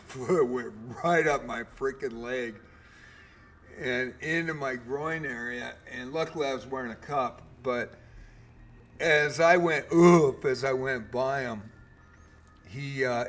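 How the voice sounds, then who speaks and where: A man's voice: mid-range voice, fairly bright tone. A man in his fifties, a game streamer, casually telling a long story with lots of fillers and mild swearing.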